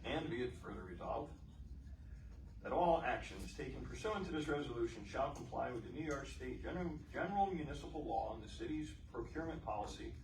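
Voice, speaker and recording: A man on a city council reading a resolution aloud in steady, formal legal phrasing. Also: medium pitch, a little fast. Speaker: council member. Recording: echoey chamber from far off, background noise.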